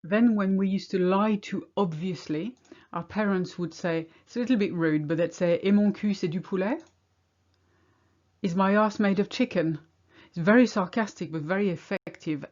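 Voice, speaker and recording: French lady teaching, low-ish voice, wry and chatty, kinda muffled recording. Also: a little mellow. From France. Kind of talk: casual video lesson. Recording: slightly muffled home recording.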